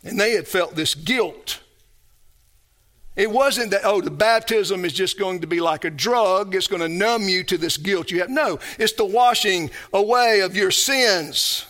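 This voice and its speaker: A man's voice: sits high, a little slow, sharp tone. A man preaching a sermon as pastor, emphatic and full of rhetorical questions put to his congregation.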